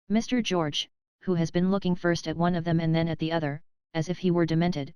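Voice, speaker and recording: Clear, measured woman audiobook narrator. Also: on the low side, darkish tone, no room sound. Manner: measured, unhurried reading. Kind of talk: scripted narration.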